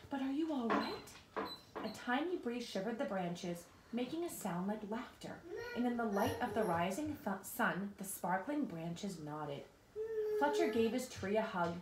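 Recorded at a distance in a noisy room with echo, a storybook reader shares a picture book with a child, speaking expressively and turning aside now and then to address the listener. She has a mid-range voice and keeps a measured pace.

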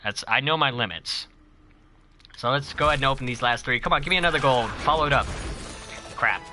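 A man streaming a video game live, chatting casually and excitedly with his viewers and cheering himself on. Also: mid-range voice, a little fast, background noise. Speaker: gaming streamer.

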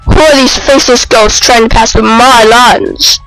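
A young man voicing a cranky elderly male lord in a game who grumpily shouts at passers-by to keep them off his aisle. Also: very high voice, steady tone, normal speed, clear, resonant tone, no room sound, faint music behind, full character voice, poor audio. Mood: grumpy.

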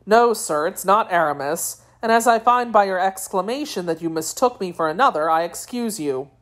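A woman voicing a proud foreign nobleman who speaks in a calm, measured and courtly way in an audiobook reading. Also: mid-range voice, lightly acted.

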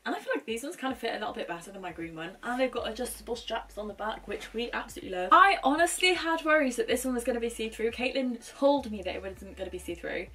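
A woman's voice: on the high side, animated, fast, hardly any pauses, pushed and bright, husky. A young woman vlogger chatting casually and gushing about a shopping haul. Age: young adult.

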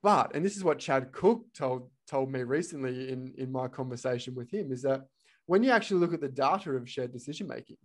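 Emphatic man hosting a podcast. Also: mid-range voice. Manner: emphatic, animated, lecturing. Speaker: podcast host, physiotherapist. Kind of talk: casual podcast conversation.

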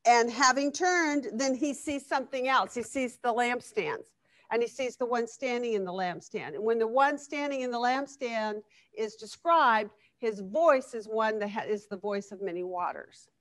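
A woman's voice: fairly high pitch, moderate pace, fairly bright tone, dry recording. A woman teaching a live Bible study class, reading scripture aloud and checking in with the class. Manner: conversational, asks the class questions, reads scripture aloud.

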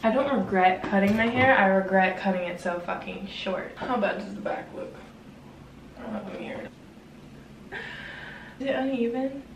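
A young woman chatters anxiously to herself, swearing as she goes, in a casual home vlog. She sits away from the camera, and the room is echoey and full of steady background noise. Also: medium pitch, moderate pace, long pauses, far from the mic. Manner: anxious, swearing, self-talk while cutting hair. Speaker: vlogger.

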